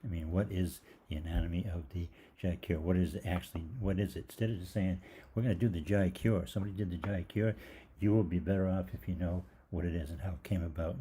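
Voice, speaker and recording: A man's voice: low-pitched, steady tone, fast, dark tone, slight background noise. An older man, a holistic gastroenterologist, telling a rambling story in a live Q&A, with many fillers. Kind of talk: live Q&A monologue.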